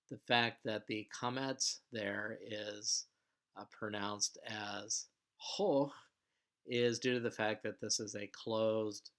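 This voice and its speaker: Male language teacher, lowish voice, patient explanatory lecture delivery with frequent uhs. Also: fairly bright tone. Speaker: Hebrew teacher. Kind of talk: recorded vocabulary lecture.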